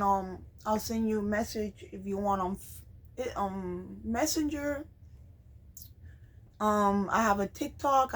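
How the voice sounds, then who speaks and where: A woman vlogger talking to the camera in a soft, heartfelt way, pausing often with ums and restarts. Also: on the high side, poor audio. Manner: slow, hesitant, with frequent ums and restarts. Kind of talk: personal vlog talking to camera.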